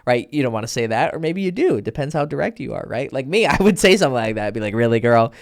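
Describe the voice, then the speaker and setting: A man with a gravelly, fry-edged voice gives dating advice in a loose, casual style. He is blunt and profane. He keeps acting out little exchanges between himself and a woman. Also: mid-range voice, very animated, racing. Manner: blunt, profane, acts out both sides of conversations. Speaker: dating coach. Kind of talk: casual instructional talk.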